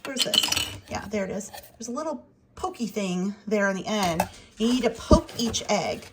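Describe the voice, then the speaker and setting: A woman's voice: mid-range voice, animated, normal speed, very noisy. A woman chatting casually through a home vlog while she cooks in her kitchen. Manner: chatty, talks through chores and to her dogs. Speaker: vlogger.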